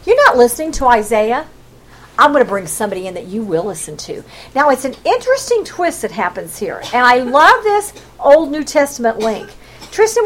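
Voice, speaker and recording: High, lively woman preaching a sermon. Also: rough recording. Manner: emphatic, acts out quoted voices with big swings.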